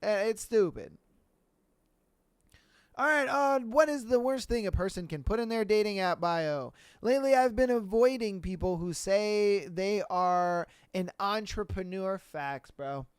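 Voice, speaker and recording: A man's voice: high voice, measured pace, clear, resonant tone, no room sound, studio quality. Blunt, profane man ranting on a podcast. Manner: blunt, profane, animated, with slang. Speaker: podcast host. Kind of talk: casual solo rant.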